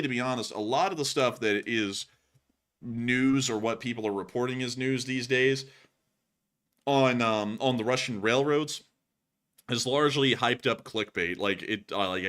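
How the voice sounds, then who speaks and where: A man's voice: lowish voice, sharp tone. A young man hosting a live-streamed war news show, talking casually with lots of fillers and some stuttering.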